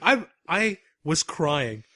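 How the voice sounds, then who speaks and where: Animated young man telling a story. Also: a little high, slow pace, no room sound, studio quality. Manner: animated storyteller, laughs often at his own story. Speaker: podcast co-host. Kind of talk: casual anecdote telling.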